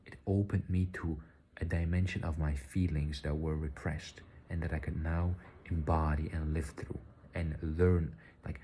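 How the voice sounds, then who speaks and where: A man telling an earnest, confessional personal story, halting and repeating words, sometimes dropping to a near-whisper. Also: a bass voice, flat delivery, warm tone, a little hiss or hum. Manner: drops at times to a breathy near-whisper. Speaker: spiritual vlogger.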